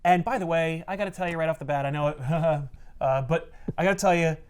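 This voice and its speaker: Guy host recapping a comic, kinda high voice, chatty and loose. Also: a little fast, clean tone. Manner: animated storyteller, swears casually. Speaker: comic book podcast host. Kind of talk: casual comic book recap.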